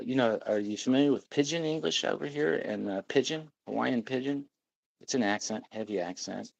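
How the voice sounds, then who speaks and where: Middle-aged guy rambling on his livestream, gravelly voice, reads out chat comments. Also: on the low side, no echo, low-quality recording. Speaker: livestream host.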